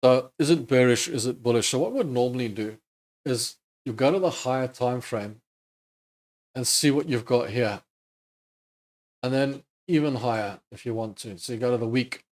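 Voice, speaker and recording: A man's voice: medium pitch, normal speed, darkish tone. A man hosting a live trading stream, casually thinking aloud over charts and chatting with viewers. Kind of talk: live market commentary.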